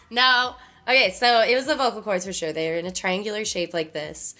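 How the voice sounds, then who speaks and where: Female streamer, hoarse with laryngitis, bright edge, blunt and chatty, studio mic. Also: medium pitch, moderate pace. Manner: blunt, chatty, explains with gestures. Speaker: musician streamer. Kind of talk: casual live-stream chat. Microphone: studio microphone.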